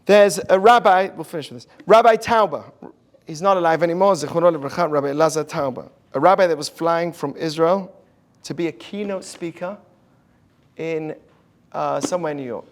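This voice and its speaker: High-voiced man telling a faith story. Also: brisk. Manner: earnest storytelling, drops to a hush for quoted lines. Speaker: rabbi. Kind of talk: inspirational talk to an audience.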